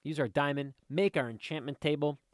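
A man's voice: on the high side, a little fast, no echo, studio quality. A man giving casual, rambling commentary while playing a game, easily sidetracked and chatting to viewers and to the creatures on screen. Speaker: let's play host.

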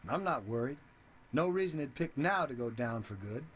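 An actor playing a relaxed, casual townsperson in a video game. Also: male voice, medium pitch, normal speed, a little hiss or hum, natural voice. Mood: unworried.

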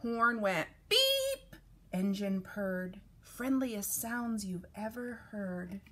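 A woman reading a children's picture book aloud, in an expressive, animated way. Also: mid-range voice, takes it slowly, breathy edge. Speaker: storyteller.

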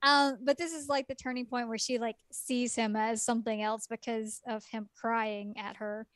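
A chatty woman with a slightly high voice, telling a story in relaxed podcast style. Her speech is full of "like" and "um", with quick laughs and exclaimed asides. The recording is dry and close, with no room sound. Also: dry recording. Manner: chatty, filler-heavy retelling with lots of "like" and "um". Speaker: podcast co-host reviewing a game. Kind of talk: casual podcast chat.

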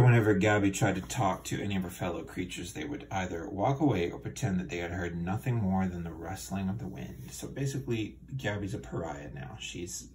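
A man's voice: low-pitched, a little hiss or hum. A man hosting a comedy show, reading a children's book aloud with dry, sardonic asides.

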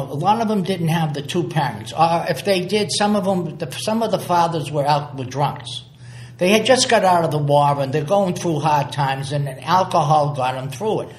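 An older man from Somerville, spinning neighborhood stories in a rambling, repetitive way. His voice sits a bit high for a man and rings in an echoey room. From Somerville, Massachusetts. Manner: rambling, repeats words, acts out quotes. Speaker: guest. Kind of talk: casual storytelling interview.

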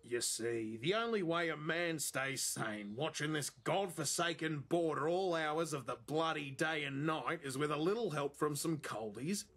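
An actor with an Australian accent playing a crude, teasing border guard in a video game, full of slang. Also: male voice, on the high side, unhurried, few pauses, fairly bright tone, breathy edge, full character voice. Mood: matter-of-fact. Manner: brash, teasing, heavy slang. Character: crude joking Australian border guard, middle-aged prankster.

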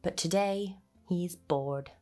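A woman reading a children's picture book aloud in an expressive storyteller's voice. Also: on the low side, takes it slowly, faint music behind.

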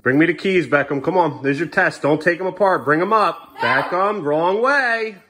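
A man's voice: fairly high pitch, normal speed, a crowd in the background. A man in his thirties at home filming a casual family vlog, coaxing his small children playfully and muttering asides. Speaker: father filming his kids.

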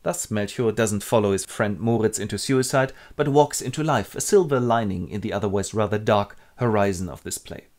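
A man hosting a comic retelling of a classic play, with wry deadpan asides. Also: fairly low pitch, fairly quick, few pauses. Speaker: host.

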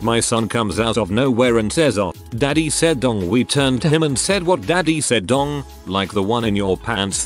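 A man narrating online stories in a scripted read, spelling out abbreviations letter by letter. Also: fairly low pitch. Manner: reads text out literally, abbreviations spelled letter by letter.

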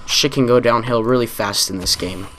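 A man's voice: medium pitch, normal speed, noisy background. A man hosting a gaming channel, giving live commentary on a shooter match in a frustrated, ranting manner full of swearing. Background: game gunfire.

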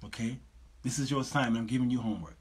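A man's voice: medium pitch, very fast, breathy edge. A male show host, lecturing viewers in casual livestream talk and laughing often.

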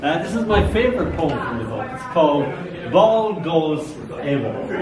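An older man, a poet, giving a live poetry reading with an expressive storytelling delivery and chatty asides to the audience. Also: on the high side, moderate pace, hardly any pauses, over a noisy crowd. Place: live reading event in a large space. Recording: roomy, distant live recording with ambient noise.

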